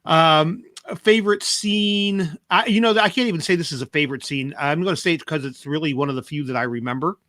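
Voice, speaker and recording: A man co-hosts a review podcast, giving wry, hesitant verdicts with lots of "uh"s. His voice is bright and a little high. It is recorded dry and close. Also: fairly quick, hardly any pauses, dry recording. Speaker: podcast co-host. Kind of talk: casual review chat.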